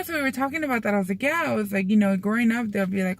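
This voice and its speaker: A woman's voice: mid-range voice, brisk. A young woman chatting casually to camera, full of fillers, slipping in Spanish phrases, from a Mexican-American family. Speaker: vlogger.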